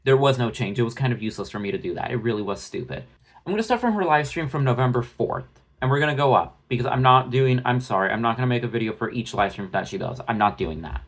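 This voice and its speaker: Brief: male vlogger, mid-pitched, blunt and profane, rambling restarts, phone-recorded rant. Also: lively intonation, fast. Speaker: drama commentary vlogger. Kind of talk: ranting commentary.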